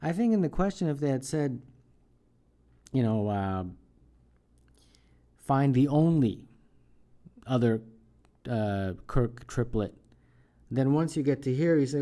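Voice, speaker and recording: A man with a mellow, warm voice walks through a math contest problem as a tutor. He thinks aloud as he works and keeps checking in with listeners by asking "right?". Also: mid-range voice, animated, normal speed, pauses often. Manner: thinks aloud while working problems, often adds "right?".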